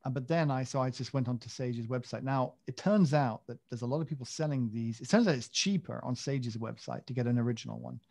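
A man with a mid-pitched, gravelly voice, chatting loosely on a podcast. He rambles and pokes fun at himself, with many fillers and restarts. His voice has a rough, crackly edge. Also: brisk, few pauses, darkish tone. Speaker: podcast co-host. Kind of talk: casual chat.

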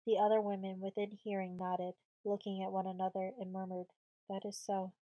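A woman reading a storybook audiobook aloud in a measured, steady way, close to the mic. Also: mid-range voice, no echo, lo-fi sound. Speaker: audiobook reader.

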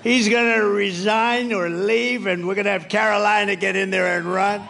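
A man's voice: high voice, fairly even intonation, moderate pace, creaky, very noisy. An older man giving an off-the-cuff campaign rally speech, rambling and repetitive, with punchy phrases. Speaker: political speaker at a rally.

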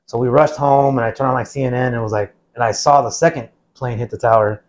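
A man in his forties, a veteran guest, recalling his past in a laid-back, halting way during a casual interview. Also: mid-range voice, fairly even intonation, a little hiss or hum.

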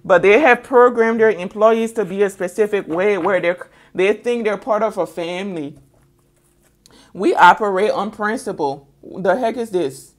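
Woman, tarot reader, middle pitch, emphatic, repetitive, talking straight to viewers. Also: measured pace. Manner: emphatic, repetitive, keeps checking in with "okay?". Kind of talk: tarot reading monologue to viewers.

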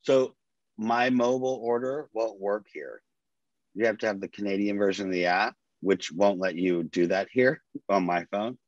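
A man's voice: on the low side, moderate pace, dry recording. A man co-hosting a podcast, telling stories in casual chat, swearing freely and quoting the people he talks about. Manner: animated storyteller, swears freely, quotes people. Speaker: podcast co-host. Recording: dull dry lo-fi sound.

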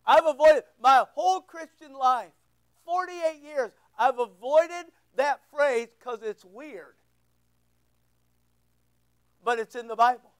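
Orta yaşlı erkek vaiz, tiz sesli, kilisede sohbet havasında vaaz veriyor. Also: male voice, extremely high pitch, takes it slowly, long pauses, poor audio. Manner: conversational, repeats words, asks the room questions. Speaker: pastor. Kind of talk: sermon. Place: church.

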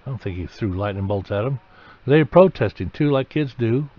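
A man preaching a sermon, telling the story dramatically and breaking into sudden loud, emphatic bursts. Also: medium pitch, animated, a little fast, no room sound, highs cut off.

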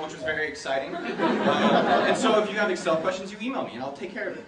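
A man's voice: high voice, normal speed, over a noisy crowd. Joking young man in an echoey room. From San Jose, California. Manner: laughing, joking, swearing freely. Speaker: speaker giving a talk to students. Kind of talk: casual storytelling talk. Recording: roomy, from a distance, faint hiss.

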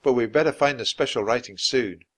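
A man's voice: medium pitch, a little fast, a bit bright, natural voice. A man voicing a careful, earnest young boy in a storybook reading, with a slightly anxious manner.

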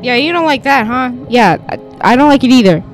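Jumpy, loud woman reacting to a game. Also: on the high side, lively intonation, fairly quick, soft background music. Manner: loud, jumpy, swears and laughs at scares. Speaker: gaming channel host. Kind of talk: reactive let's-play commentary.

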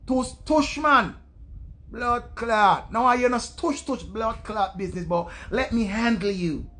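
Ranting Jamaican man, gravelly and high. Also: a little slow. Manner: loud, profane patois rant, mimicking voices. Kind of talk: ranting commentary.

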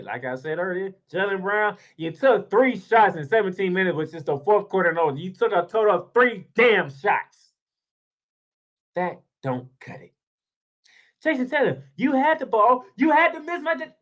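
Lively ranting man breaking down basketball. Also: high-pitched. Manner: heated, ranting, rhetorical questions. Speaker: sports blogger. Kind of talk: basketball commentary monologue.

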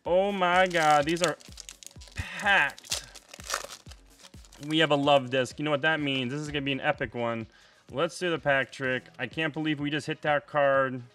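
A young man chatting casually while opening trading card packs, excitable and prone to loud outbursts. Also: a little high, moderate pace, pauses often, faint music behind. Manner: excitable, bursts into shouting and laughter over pulls. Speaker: card unboxing host.

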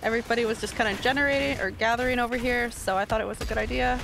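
Excitable woman streamer yelping through gameplay. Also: a little high, very fast, gravelly, few pauses. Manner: excitable, yelps and talks to herself while playing. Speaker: game streamer. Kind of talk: live gameplay commentary. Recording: steady background noise.

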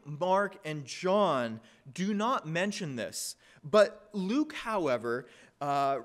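A man preaching a sermon as pastor, reading scripture aloud with an expressive, emphatic delivery. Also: sits high. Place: church.

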